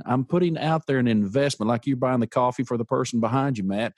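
A man hosting a podcast interview, telling a story in an animated way and acting out the voices of the people in it. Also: mid-range voice, fast, hardly any pauses, no room sound, clean studio sound. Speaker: podcast host.

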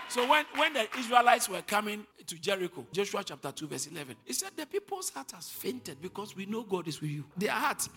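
A man preaching a sermon, moving between quiet teaching and shouted, repeated declarations. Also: high voice, sing-song, fairly quick, few pauses. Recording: long hall reverb with faint music.

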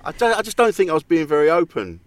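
A man's voice: a little high, sing-song, quick pace, crowd noise. A man, a comedian and podcast guest, telling personal stories openly and often quoting himself. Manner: open, anecdotal, quotes himself often. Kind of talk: casual conversation.

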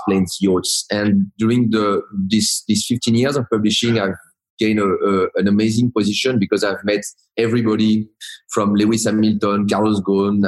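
A man in his forties with a strong French accent, a podcast guest talking with many pauses and restarts. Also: fairly low pitch, low-quality recording. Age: 40s. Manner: hesitant, many restarts and fillers. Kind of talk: casual interview talk.

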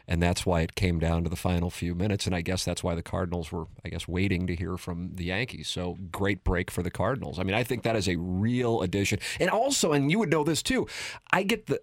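Low-voiced male sports radio host. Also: no echo, studio quality. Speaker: sports talk show host. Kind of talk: casual sports radio chat.

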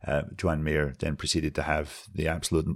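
A man with an extremely deep voice delivers motorsport analysis as a podcast co-host. He speaks fluently and matter-of-factly. The recording is dry, with no room sound. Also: monotone, moderate pace, no echo.

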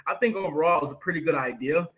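A man co-hosting a sports podcast, talking in a relaxed, chatty way and laughing often. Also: on the high side, very fast, lo-fi sound. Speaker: podcast co-host. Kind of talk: casual sports podcast chat.

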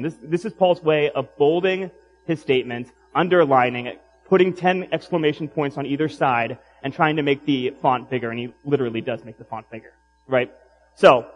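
A man preaching a sermon in an animated, emphatic way, with rhetorical questions to the congregation. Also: medium pitch, moderate pace, dull audio, soft background music. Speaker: pastor.

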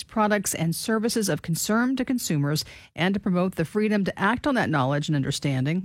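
A woman co-hosting talk radio and reading stories aloud. Her delivery is steady, with a mid-range pitch. Her voice sounds dry and close on the mic. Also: no echo. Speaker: radio co-host reading news.

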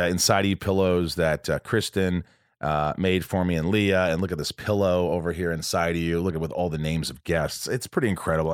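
A man with a very low voice hosts his podcast from home, chatting loosely and circling back on himself as he corrects and restarts his sentences. The sound is close and dry, with no room echo. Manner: rambling, lots of restarts and self-corrections. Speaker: podcast host. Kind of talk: casual podcast chat.

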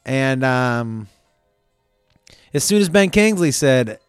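A man rambles through a personal story with frequent swearing, asides to listeners and self-corrections. His voice is smooth and resonant on a dry, close mic, with soft music faintly underneath. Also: medium pitch, animated, slow pace, no room sound. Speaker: show host telling a story. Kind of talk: casual storytelling monologue.

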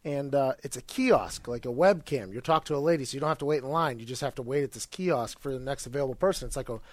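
A young man from Pittsburgh telling a story as a podcast guest, animated and joking. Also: medium pitch, fast, dry recording. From Pittsburgh, USA. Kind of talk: casual studio chat. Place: podcast studio.

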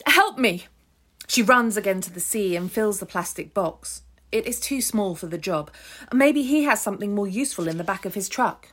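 A woman narrating an audiobook extract in a measured, descriptive storytelling manner. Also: on the low side. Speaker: audiobook reader. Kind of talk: scripted narration.

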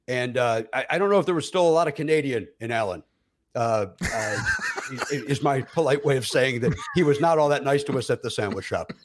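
A man, a comedian, telling stories in a casual podcast chat, with loud acted-out quotes, many fillers and restarts, and frequent laughter. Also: medium pitch, lively intonation, a little fast, slight background noise. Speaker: comedian guest.

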